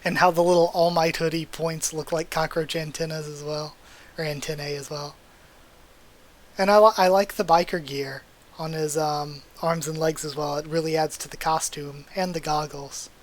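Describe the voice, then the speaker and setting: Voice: mid-range voice, steady tone, moderate pace. Chatty manga readthrough host. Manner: chatty, stumbles and restarts, laughs often. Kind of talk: casual reading and commentary.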